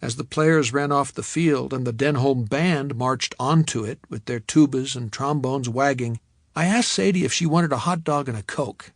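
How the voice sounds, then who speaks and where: A man reading a novel aloud in the first person, telling the story in a measured, reflective way. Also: mid-range voice, no room sound, studio quality. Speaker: audiobook narrator. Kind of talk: first-person audiobook narration.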